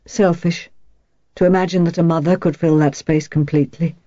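A woman reading a first-person novel aloud in a calm, measured, reflective way. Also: fairly low pitch, no room sound. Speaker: audiobook narrator. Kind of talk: scripted first-person narration. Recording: slightly dull, dry recording.

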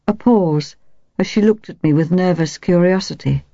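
Woman narrator, audiobook, low mellow voice, calm and measured, dull dry recording. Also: no room sound. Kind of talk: scripted first-person narration.

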